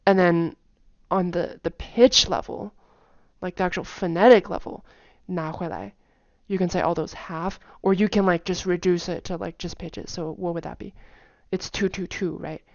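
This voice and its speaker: Low gravelly woman explaining casually. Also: steady tone, normal speed, dry recording. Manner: chatty, many fillers, repeats example phrases. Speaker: language teacher. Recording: dull, dry home recording.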